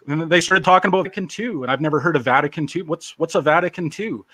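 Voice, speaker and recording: A man's voice: fairly high pitch, fast, hardly any pauses, bright, forceful tone, no echo. A man in his forties tells his life story as an interview guest. He talks casually, with a self-deprecating, joking edge. The sound is dry and close, with no room around it. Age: 40s.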